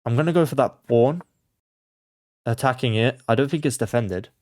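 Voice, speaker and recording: At a moderate pace and in a mid-range voice, a man thinks aloud over a blindfold chess game for his channel, with no room sound in the audio. The chess creator mutters his moves, staying quietly focused until he loses track of the board and gets flustered and panicky.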